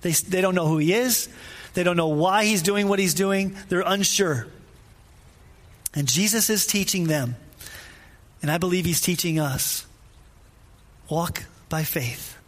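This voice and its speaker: This man preaches a conversational, informal sermon in a high-pitched voice, speaking a little slowly and pausing often. He repeats phrases for emphasis and asks his listeners questions directly.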